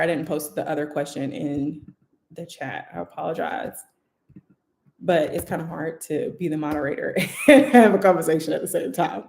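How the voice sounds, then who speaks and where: A woman's voice: on the low side, roomy sound. A woman hosting and moderating a casual livestream discussion, talking loosely with lots of "like" fillers. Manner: loose, chatty, full of "like" fillers. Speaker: host and moderator.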